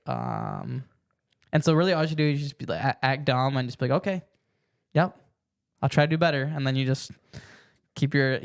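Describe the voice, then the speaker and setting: A man's voice: medium pitch, gravelly. A young man hosting a casual podcast chat, rambling with restarts and acting out quoted lines. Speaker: podcast host.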